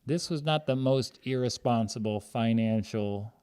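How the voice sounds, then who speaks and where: Smooth-voiced jokey male podcast host. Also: mid-range voice, measured pace, a little mellow. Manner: jokey, rambling, laughs at own jokes. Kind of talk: casual comedic sports-betting chat.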